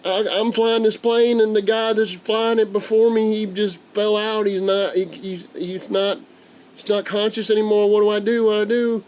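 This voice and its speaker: Man doing a panicky young guy at the controls: high, loud, frantic. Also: flat delivery, a little fast. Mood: panicked. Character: panicked young man flying a plane alone.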